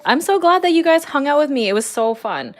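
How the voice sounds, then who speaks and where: A woman's voice: high voice, very animated, fairly quick. A young woman chatting casually on a home art livestream, rambling with lots of fillers and small laughs. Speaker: artist streaming live.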